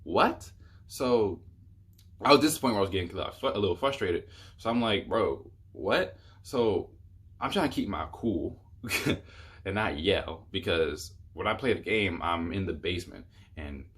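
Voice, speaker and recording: A man's voice: deep voice, lively intonation, moderate pace. A young man telling a rambling, exasperated storytime on his vlog, full of fillers. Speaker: YouTuber.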